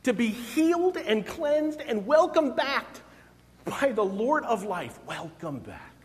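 Animated preacher in a reverberant hall. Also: male voice, very high-pitched, takes it slowly. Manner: expressive, emphatic, acts out quoted voices. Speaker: pastor. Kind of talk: sermon.

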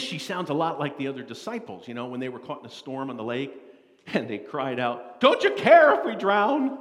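A man preaches a sermon in a high, very lively voice, swinging from loud bursts to hushed lines. His words ring out with a long reverb from a large hall. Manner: animated, dramatic, acts out quotes in a rising voice.

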